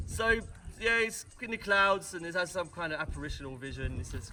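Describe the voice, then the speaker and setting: A man's voice: fairly high pitch, steady tone, moderate pace, far from the mic. A British man retelling a story for his family with jokey asides and rambling restarts. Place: family home at Christmas.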